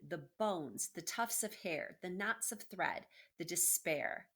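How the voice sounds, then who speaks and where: A woman reading a children's book aloud, gently, with asides to her listeners. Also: mid-range voice, animated, takes it slowly, vocal fry. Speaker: storyteller.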